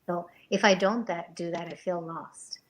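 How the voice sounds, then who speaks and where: A woman guest on a talk show, soft-spoken and halting, restarting her sentences as she speaks. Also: on the low side, steady tone, slight background noise. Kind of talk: interview talk.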